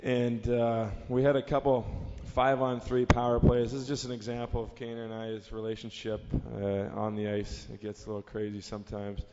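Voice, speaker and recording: A man, a team captain on a fan panel, telling a lively anecdote, laughing and acting out the shouting. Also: mid-range voice, brisk, hardly any pauses. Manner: lively storyteller, laughs at own story, acts out yelling. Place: stage in a large convention hall. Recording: reverberant hall with ambient noise.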